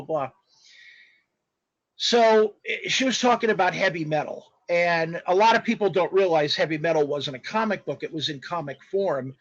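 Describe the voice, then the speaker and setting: A man telling stories as a guest in a casual interview, animated and rambling, with spoken sound effects. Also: fairly high pitch, dry recording. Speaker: guest artist. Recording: dull lo-fi dry audio.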